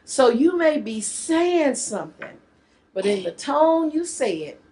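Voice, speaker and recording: A middle-aged woman from the northern US gives a marriage workshop talk to a live group, lively and joking in casual speech. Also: high voice, a little slow. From northern United States.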